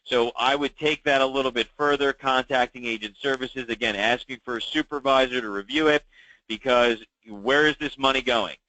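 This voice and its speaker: Male meeting host, mid-pitch, tense bright tone, chatty briefing style that repeats key points. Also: normal speed, dry recording, rough recording. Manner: conversational, many fillers, repeats key advice. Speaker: meeting host for insurance agents. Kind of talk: weekly call briefing.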